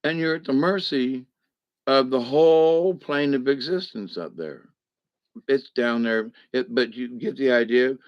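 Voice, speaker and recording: A man's voice: mid-range voice, measured pace, no room sound. Rambling folksy man. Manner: rambling, folksy, acts out voices. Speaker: spiritual teacher. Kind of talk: casual spoken lesson. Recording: dull muffled sound.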